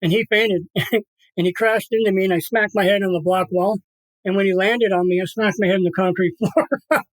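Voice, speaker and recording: A man's voice: high voice, fairly even intonation, moderate pace, no room sound, low-quality recording. A middle-aged man telling an emotional personal story as an interview guest, earnest and repetitive, acting out voices. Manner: earnest, repeats himself, acts out voices in his story.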